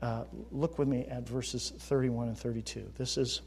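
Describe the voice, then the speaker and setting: A man preaching a sermon as pastor, moving between quiet reflection and loud, emphatic rhetorical questions. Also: medium pitch, fairly even intonation, normal speed, creaky, slight background noise. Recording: reverberant hall.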